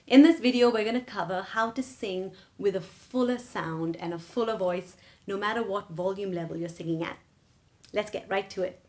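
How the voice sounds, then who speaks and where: A woman's voice: mid-range voice, normal speed, background noise. A woman singing teacher giving a vocal lesson, explaining and checking in with "right?" and "okay?". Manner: explains, then sings short phrases to demonstrate. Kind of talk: vocal lesson with sung demonstrations.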